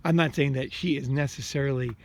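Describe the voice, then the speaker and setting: A man's voice: mid-range voice, fairly even intonation, quick pace. A man talking to his viewers in a casual, rambling monologue, blunt and emphatic, swearing often and restarting his sentences. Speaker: vlogger.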